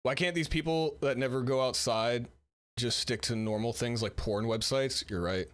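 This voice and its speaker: A man's voice: medium pitch, moderate pace. A man streaming while sick, giving casual and sarcastic commentary as he reacts to a video. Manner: sarcastic, blunt, chatty.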